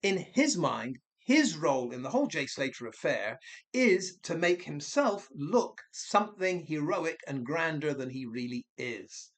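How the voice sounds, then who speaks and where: Very animated yet unhurried, a man with a somewhat high voice hosts a one-man commentary for his channel. His sarcastic, mocking monologue is packed with rhetorical questions, and he rambles, frequently breaking off to fix what he just said.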